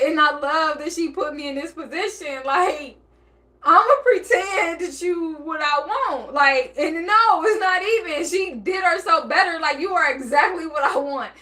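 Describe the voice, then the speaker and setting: A woman's voice: extremely high pitch, sharp tone. A woman vlogger speaking in an emotional, blunt and profane personal monologue, acting out bits of dialogue. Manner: emotional, near tears and laughing by turns.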